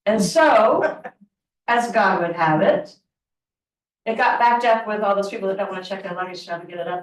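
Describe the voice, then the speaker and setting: Middle-aged lady rambling thru a story at a team meeting, roomy far-off mic. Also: mid-range voice. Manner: rambling, animated storytelling with lots of restarts. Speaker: real estate agent.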